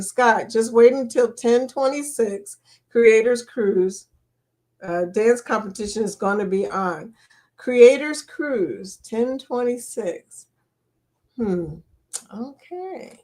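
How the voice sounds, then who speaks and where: Older lady doing a live chat, reads comments out loud, teases folks, laughs a bunch. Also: fairly high pitch. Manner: chatty, teasing, laughs often. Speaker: live stream host. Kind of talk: casual live chat, reading viewer comments.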